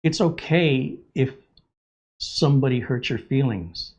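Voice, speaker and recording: Husky man telling a candid story. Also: mid-range voice, unhurried, a little mellow, lo-fi sound. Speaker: host. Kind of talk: livestream chat.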